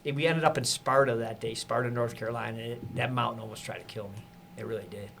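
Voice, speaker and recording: A man, a podcast guest, telling a lively story in casual conversation and acting out the people he quotes. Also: mid-range voice, fast, vocal fry, slight background noise. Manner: animated, acts out quotes with laughter.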